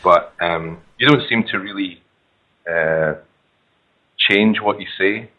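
A man's voice: low-pitched, takes it slowly. A man with a Scottish accent asking hesitant questions in a casual radio chat. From Scotland. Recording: tinny phone line.

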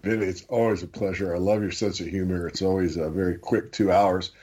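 Deep husky man, measured guest. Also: fairly even intonation, warm tone. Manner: measured, conversational, explains at length. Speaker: interview guest, precious metals commentator. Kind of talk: talk show interview.

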